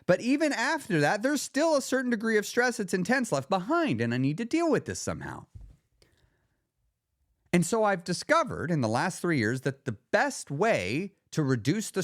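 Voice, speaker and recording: A man's voice: sits high, no echo, clean studio sound. A man hosting his own podcast, talking through what he has learned in a casual, reflective way, with restarts and lots of "like". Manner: animated, acts out his own inner dialogue; conversational, with restarts and "like". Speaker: podcast host. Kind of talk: solo reflective podcast talk.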